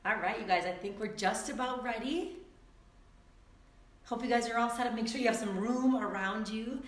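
This woman leads an online workout class and, before it goes live, greets people by name in an upbeat way from a room at home. The room is echoey, her pitch sits on the high side, she talks at normal speed, and she sounds a little hoarse from the morning.

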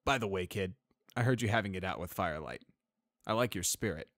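A man's voice: deep voice, expressive, brisk, a bit bright, no room sound, studio quality. A man doing a jovial stallion sergeant. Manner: jovial and teasing. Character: friendly joking stallion sergeant.

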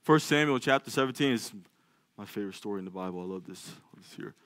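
A man's voice: fairly low pitch, lively intonation, fast, a bit bright, no echo, clean studio sound. A man preaching a sermon in a church, reading scripture aloud and acting out the doubts of biblical figures in a raised voice. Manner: reads scripture aloud, with some stumbles. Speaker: lay preacher.

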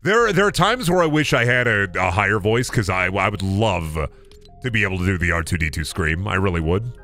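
A man's voice: fairly low pitch, animated, brisk, bright, forceful tone, soft background music. Swearing streamer ranting over his game. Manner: profane, mocking rants at chat and opponents; rambling, self-interrupting. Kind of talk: live gaming commentary.

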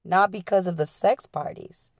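A man's voice: high voice, moderate pace, no echo, clean studio sound, close to an everyday voice. A woman reading a volatile, controlling man's lines in a memoir, barking threatening demands. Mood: coaxing. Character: volatile, controlling adult male music mogul boyfriend.

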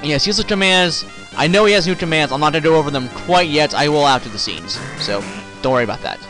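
A man's voice: fairly high pitch, fast talker, music in the background. A man commenting on his gameplay, joking and sarcastic, talking back to the characters on screen. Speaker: let's play host.

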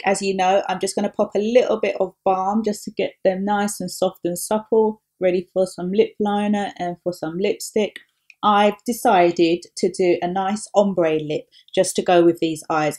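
A woman's voice: fairly low pitch, mellow. A woman makeup artist talking through a tutorial step by step in a chatty, upbeat way.

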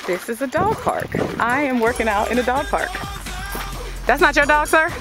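A woman hosting a casual outdoor workout vlog, joking loudly with her friends on a hiking trail. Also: sits high, normal speed. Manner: loud, joking, animated banter. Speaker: vlog host. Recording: music playing over the talk.

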